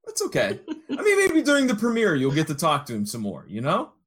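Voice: mid-range voice, wildly swooping pitch, brisk. An interviewer asking easygoing questions about working on a film.

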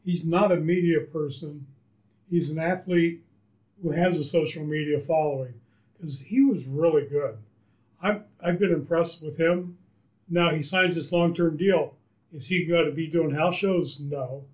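A man's voice: on the high side, fairly even intonation, a little slow, low-quality recording. A man co-hosting a casual podcast, giving short, confident opinions. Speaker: podcast co-host. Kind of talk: casual chat.

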